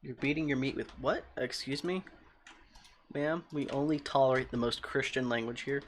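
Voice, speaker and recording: A young man streaming a game, rambling and joking in a casual, often quiet voice, talking into a desk microphone at home. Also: medium pitch, fairly even intonation, moderate pace, slight background noise. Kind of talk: casual gaming stream commentary.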